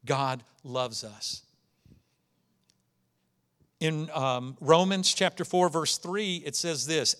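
A man preaching a sermon, telling Bible stories with animated rhetorical questions. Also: fairly high pitch, takes it slowly, long pauses. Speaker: pastor.

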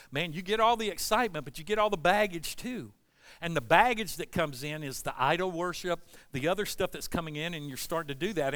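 A man's voice: a little high, bright, forceful tone. A middle-aged male pastor preaching a sermon, impassioned and conversational, reading scripture and acting out what God and churchgoers might say.

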